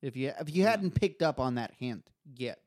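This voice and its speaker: A man's voice: mid-range voice, lively intonation, normal speed, a little mellow, no room sound, clean studio sound. A man for whom English is a second language, chatting casually and swearing freely while commenting on a movie with friends. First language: not English. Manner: self-mocking, swears casually.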